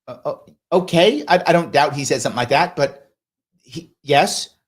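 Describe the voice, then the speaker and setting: A man's voice: fairly high pitch, moderate pace. A man hosting a live ask-me-anything show, reading viewer comments aloud and answering them in an emphatic way, repeating phrases for emphasis and slipping into mocking voices. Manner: does mocking voices of opponents.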